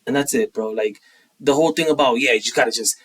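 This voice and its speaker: A young man co-hosting a podcast in casual, opinionated chat, animated and quick to act out quotes. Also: medium pitch, far from the mic, low-quality recording. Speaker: podcast co-host.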